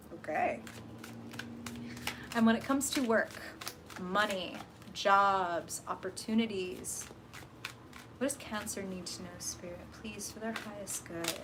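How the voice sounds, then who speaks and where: Woman tarot reader on a live stream, mid-pitched, lively and casual, a faint hum behind her. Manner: animated, swearing, talks to chat viewers.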